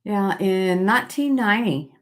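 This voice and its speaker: Speaking in an expressive, mid-range voice, this older woman runs a casual live stream. She chats with her audience and reads out their comments haltingly, restarting often and leaning on filler words.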